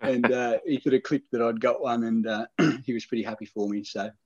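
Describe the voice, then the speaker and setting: Middle-aged man, low husky voice, animated storyteller, muffled recording. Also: fairly quick. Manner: animated, excited storyteller, acts out quoted lines. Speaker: podcast guest telling a hunting story. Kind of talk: casual storytelling chat.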